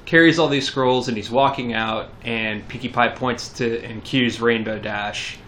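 A man's voice: mid-range voice, steady tone, unhurried, fairly bright tone, slight background noise. A man co-hosting a casual podcast, chiming in with playful asides about the episode. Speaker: podcast co-host. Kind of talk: casual chat.

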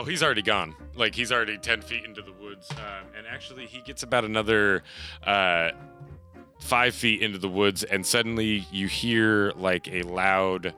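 A man narrating as game master in a relaxed manner, with many fillers. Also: on the low side.

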